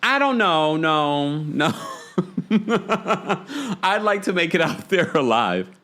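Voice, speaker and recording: A man hosting a live recap show, chatting casually, reading out viewer comments and gossiping with animated energy. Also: a little high, slow. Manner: animated, gossipy, mimics people in quotes. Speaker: podcast host.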